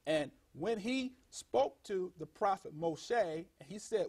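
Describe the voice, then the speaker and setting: Male guest teacher, high husky voice, emphatic and insistent. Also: lively intonation, a little mellow. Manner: emphatic, drawn-out teaching, urging listeners. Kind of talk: religious teaching in conversation.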